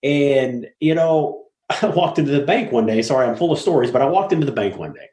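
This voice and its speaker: Medium-pitched and brisk, this middle-aged man is a guest in a casual interview, an apartment syndicator spinning blunt, profane stories. He animates them by performing the voices of the people he quotes. The room has an echo.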